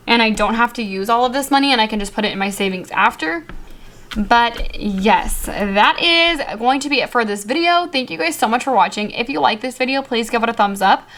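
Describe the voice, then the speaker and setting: A young woman vlogging casually about her savings, counting bills aloud in a quick murmur and chatting in a flustered, excited way. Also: on the high side. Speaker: budgeting vlogger.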